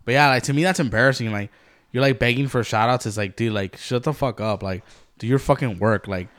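A man's voice: mid-range voice, fairly quick, fairly bright tone. Blunt, foul-mouthed podcast man. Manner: blunt, heavy swearing, lots of "like". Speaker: podcast co-host. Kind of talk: casual profane podcast chat.

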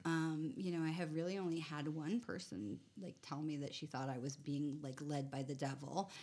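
A woman with a lowish voice talks in an easy, unscripted way. She tells her stories animatedly and keeps dropping in fillers like "like" and "you know." She is describing her work as a medium. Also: normal speed, slightly rough. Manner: animated storytelling with frequent fillers. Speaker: medium, guest. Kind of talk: casual conversation.

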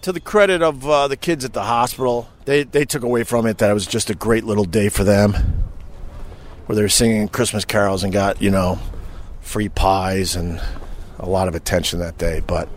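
A middle-aged man hosting a podcast, telling an old radio story in a profane, emotional, animated way. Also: on the low side, slight background noise. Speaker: podcast host and former radio host. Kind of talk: casual storytelling.

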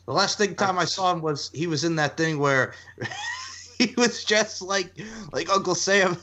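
Male co-host, expressive and up-and-down, quick to laugh and shout along. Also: sits high, slight background noise. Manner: animated, laughs often, breaks into shouted chants. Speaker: podcast co-host. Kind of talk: casual wrestling chat.

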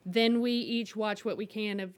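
A woman co-hosts a casual podcast over a video call in an even, everyday voice. She talks things through practically, laying out plans step by step. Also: medium pitch, moderate pace. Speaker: podcast co-host.

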